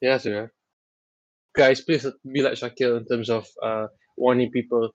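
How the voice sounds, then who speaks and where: A man hosting a podcast in casual chat, teasing and animated, with lots of fillers. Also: medium pitch, unhurried, dry recording, highs cut off. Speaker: podcast host.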